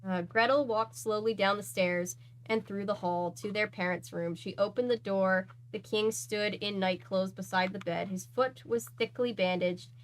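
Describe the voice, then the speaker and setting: A woman's voice: medium pitch, fairly even intonation, normal speed, rough recording. A woman, host of her channel, reading a book aloud in an earnest way, sometimes stopping to react.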